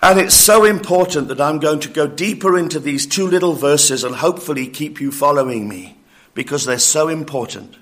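Male preacher, high and bright voice, deliberate sermon pace, pressing the congregation. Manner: emphatic, challenging, slows down to stress points. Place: church building.

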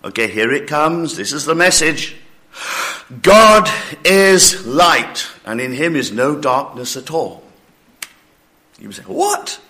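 A man preaching a sermon with slow, emphatic delivery, short of breath and coughing now and then, voicing his listeners' doubts. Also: medium pitch, animated, bright, forceful tone.

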